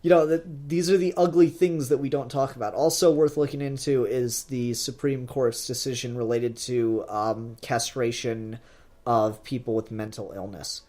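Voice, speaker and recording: A man's voice: medium pitch, fairly even intonation, moderate pace, dark tone. Man chatting animatedly about history and film. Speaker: podcast co-host. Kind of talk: casual movie discussion.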